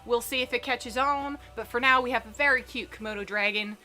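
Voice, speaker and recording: An exaggerated Southern US drawl delivering a mock news segment, as a woman plays it up. The voice is bright and forward, with faint music in the background. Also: on the high side, a little fast. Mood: playful drawl. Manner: put-on, exaggerated Southern accent.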